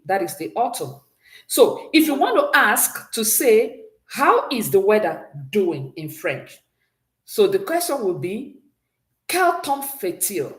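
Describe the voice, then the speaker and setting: Encouraging woman teacher in an echoey room. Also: mid-range voice. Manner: patient, praises often, drills pronunciation with repeat-after-me prompts. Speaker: French teacher. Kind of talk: exam-prep language lesson.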